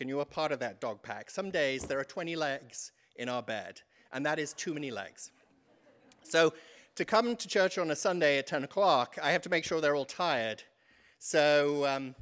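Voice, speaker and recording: A man's voice: on the high side, a bit bright, smooth. A man in his fifties with an English accent, giving a humorous stewardship talk to a church congregation as a vestry member, self-deprecating and chatty. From England.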